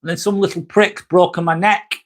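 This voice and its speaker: A man's voice: high-pitched, fairly even intonation, fairly quick, close to an everyday voice. A man voicing his indignant, foul-mouthed male house cat. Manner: indignant, swearing.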